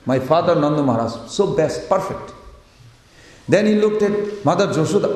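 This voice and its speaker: A man with a slightly high, darkish voice and lively intonation gives a devotional lecture at a moderate pace, telling stories and speaking as the figures in them. He also chants Sanskrit verses, and the recording has the echo of a large hall.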